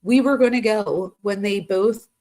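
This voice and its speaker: A woman's voice: mid-range voice, unhurried, a little mellow. A woman hosting a true crime channel, reading text messages aloud and breaking off with shocked asides.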